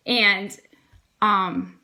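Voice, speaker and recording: A woman in her thirties with a bright, forceful voice tells a personal faith story in a casual, earnest way. She acts out each exchange, lifting her voice for the other people and trailing into fillers as she goes. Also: medium pitch, extremely slow. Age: 30s. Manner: earnest, animated retelling with quoted dialogue and frequent fillers. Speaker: vlogger sharing a faith testimony.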